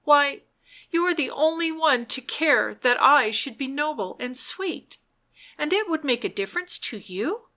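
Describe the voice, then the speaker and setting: A woman voicing an earnest, pious young noblewoman in a storybook, speaking in a hushed, pleading, wistful way. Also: high voice, lively intonation, a little slow, pitched above the performer's own voice, exaggerated voice.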